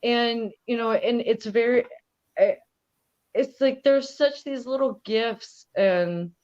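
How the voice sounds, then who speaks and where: A woman appears as an elder guest on a podcast, speaking in a casual interview conversation that's thoughtful, rambling and full of fillers. Her voice is a little high and slow-paced. The audio is dull and lo-fi.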